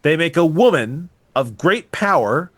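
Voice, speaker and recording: A man's voice: a little high, unhurried, dry recording. A man on a podcast tells a film's plot with swearing and lots of enthusiasm. His voice swings widely up and down as he gets into the story. The sound is close and dry, with no room around it. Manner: animated, profane storytelling. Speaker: podcast host. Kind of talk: casual film recap.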